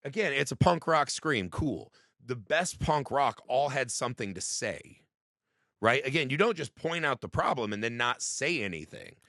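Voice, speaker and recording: A man's voice: mid-range voice, normal speed, dry recording, studio quality. A man in his thirties co-hosting a podcast, arguing emphatically about a film in casual chat and often tagging lines with "right?". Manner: animated, emphatic, repeats "right?". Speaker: podcast co-host. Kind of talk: casual movie review chat.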